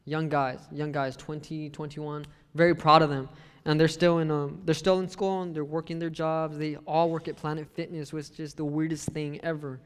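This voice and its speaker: Man preaching with slightly high voice. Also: moderate pace, clean tone. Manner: lively storyteller who acts out the people he quotes. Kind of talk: sermon with personal stories. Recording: long echo of a large hall.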